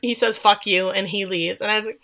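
A woman casually recapping a TV episode on a podcast, animated, acting out the characters' lines. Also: medium pitch, quick pace, gravelly. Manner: animated retelling with acted-out quotes and laughs. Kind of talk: casual chat.

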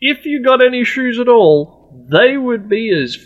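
A man's voice: extremely high pitch, big pitch swings, measured pace, phone-quality sound. A man co-hosting a casual podcast with crude, sarcastic humor. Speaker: podcast co-host. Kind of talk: casual chat.

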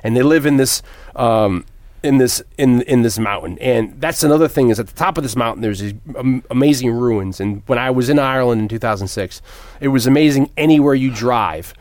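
A man's voice: mid-range voice, fairly quick, darkish tone, dry recording. A man co-hosting a casual movie chat, rambling and profane, with many restarts. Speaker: podcast co-host.

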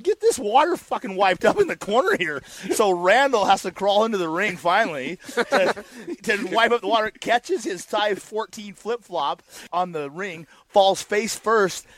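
High-voiced, laughing man telling a story. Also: fairly bright tone. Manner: profane, laughing, acts out quotes. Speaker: storyteller guest. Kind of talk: casual storytelling.

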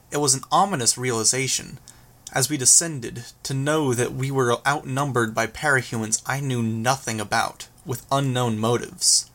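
A man reads a first-person action story aloud in a steady, even manner. His voice sits at an ordinary middle pitch for a man. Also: moderate pace. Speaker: audiobook narrator. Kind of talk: first-person audiobook narration.

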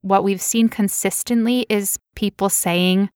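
A woman co-hosting a casual podcast, playful and quick to laugh as she explains things at length. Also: medium pitch, a bit bright, dry recording, studio quality. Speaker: podcast co-host.

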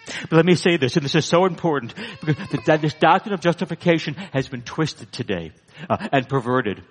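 A man preaching a sermon, emphatic, swinging from high bursts down to low, weighty lines. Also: lively intonation, fairly quick, husky. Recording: long hall reverb.

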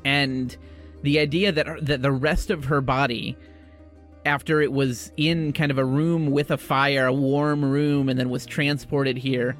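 A man's voice: mid-range voice, fairly even intonation, measured pace, soft background music. Casual male game master. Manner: loose, conversational, with fillers. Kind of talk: narrating a tabletop game.

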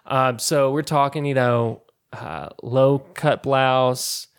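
Gravelly-voiced man telling a story. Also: medium pitch, steady tone, slow. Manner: chatty storyteller, laughs often, acts out quotes. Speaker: podcast co-host telling a story. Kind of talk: casual chat.

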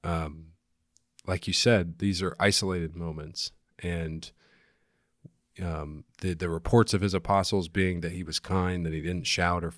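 A man co-hosting a casual Bible study podcast, talking in a relaxed, hesitant way with many fillers. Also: sits low, a little slow, no room sound, clean studio sound. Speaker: podcast co-host.

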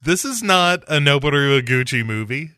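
A man hosting a podcast, casually retelling a horror movie's plot with jokes and quick put-on voices. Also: a little high, no room sound, clean studio sound. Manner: jokey, animated plot retelling with quoted voices. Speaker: podcast host.

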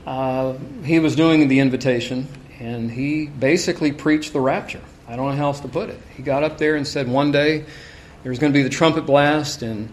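A man's voice: fairly high pitch, a little hiss or hum. A middle-aged man preaching a sermon in a conversational way, telling personal stories with frequent asides.

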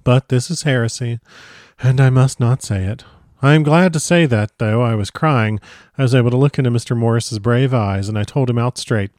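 Male audiobook reader, gentle and expressive, mid-pitched, dry close sound. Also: a little fast, no echo. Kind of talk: reading a classic novel aloud.

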